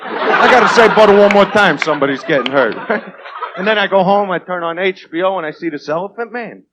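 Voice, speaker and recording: A man with a high-pitched voice delivers a brash, crude stand-up routine from a comedy club stage. He swaggers through the material and keeps asking "right?". The sound comes from an old 1980s TV tape, with a steady hiss behind it. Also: brisk, low-quality recording.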